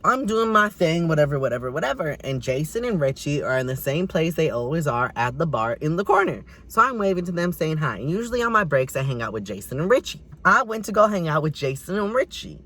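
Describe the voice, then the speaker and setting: A young man telling a casual storytime vlog in a sassy, dramatic way. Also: slight background noise. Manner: animated, sassy, dramatic delivery with big swings in pitch. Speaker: storyteller vlogger.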